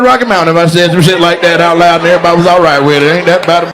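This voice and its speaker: A man doing stand-up crowd work on a club stage, loud, slangy and laughing as he talks into a handheld mic. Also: on the high side, fairly even intonation, very fast, background noise. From Midwest United States. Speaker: stand-up comedian. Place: comedy club stage before a live audience.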